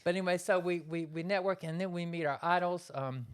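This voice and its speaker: A woman ventriloquist chatting in an interview with a low, smooth voice. She tells her story in a loose, rambling way and keeps circling back with fillers. Her delivery is relaxed and conversational. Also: brisk. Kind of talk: casual interview chat.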